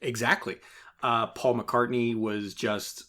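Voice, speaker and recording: A man co-hosting a loose podcast conversation at a middling pitch. He talks in an animated, blunt way, laughing often and swearing freely. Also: slow. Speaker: podcast co-host. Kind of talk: casual chat.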